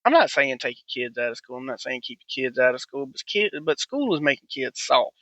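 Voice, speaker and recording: A man's voice: medium pitch, very animated, a little fast, bright, forceful tone, dry recording, poor audio. A man, hosting a profane, blunt, rambling monologue. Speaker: podcast host. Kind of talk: ranting monologue.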